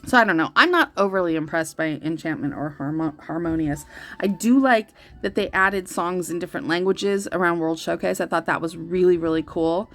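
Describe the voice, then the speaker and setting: With a fairly low, slightly bright voice and a fairly quick pace, a woman in her thirties hosts a relaxed coloring-and-chat vlog for her tarot channel. She rambles with lots of fillers and false starts, effusive and quick to be moved.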